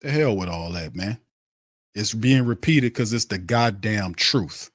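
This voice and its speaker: A man's voice: on the low side, animated, slow pace, no room sound, studio quality. Angry New man ranting. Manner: angry, mocking, repetitive ranting. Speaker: sports podcast host. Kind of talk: heated sports rant.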